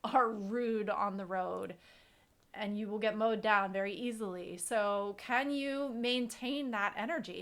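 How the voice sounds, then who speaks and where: A woman's voice: a little high, fairly bright tone. Earnest, emphatic woman podcast host. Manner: earnest, emphatic, repeats key phrases. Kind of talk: casual chat.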